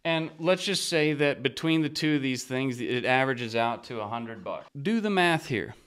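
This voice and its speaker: A middle-aged man coaching viewers on selling online courses, talking straight to camera in a chatty, persuasive way and often acting out the pitches he suggests. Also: animated, moderate pace, fairly bright tone. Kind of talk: talking-head marketing talk to camera.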